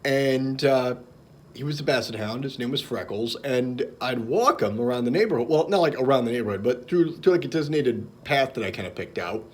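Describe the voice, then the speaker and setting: Animated man telling jokes on a vlog. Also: mid-range voice. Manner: halting, many fillers and restarts, chuckles at own jokes. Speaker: vlogger.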